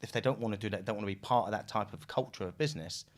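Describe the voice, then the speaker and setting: A man's voice: lowish voice, very fast. A British man who founded a recruitment firm, chatting casually as a podcast guest, loose and laughing, with the odd swear. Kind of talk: casual business podcast chat.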